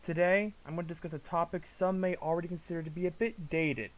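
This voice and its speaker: A man giving casual reaction commentary, ranting in an exasperated, profane way that swings between low mutters and loud outbursts. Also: steady tone, fast, poor audio. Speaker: commentary vlogger.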